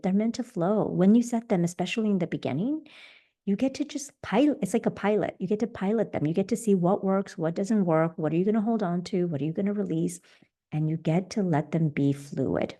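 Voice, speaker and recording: A woman's voice: on the low side, warm tone. A middle-aged woman hosting a solo podcast as a leadership coach, talking earnestly and encouragingly with everyday examples.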